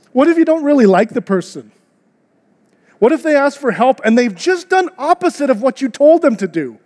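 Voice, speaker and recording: In a church auditorium full of long hall reverb, a high-voiced, slightly mellow male pastor preaches his sermon. He keeps it earnest and conversational, tossing rhetorical questions to his listeners.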